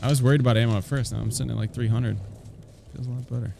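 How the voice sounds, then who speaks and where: A man streaming a video game, giving casual running commentary with quick reactions. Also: medium pitch, fairly even intonation, gravelly, mellow, a little hiss or hum. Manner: casual, talks to himself while playing, quick reactions. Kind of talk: live gameplay commentary. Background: game music and sounds.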